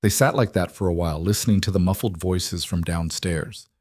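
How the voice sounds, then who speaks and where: A male narrator reads a western story in an even, measured way. His voice is low and the recording is dry and close, with no room sound. The delivery is steady and scripted throughout. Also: no echo.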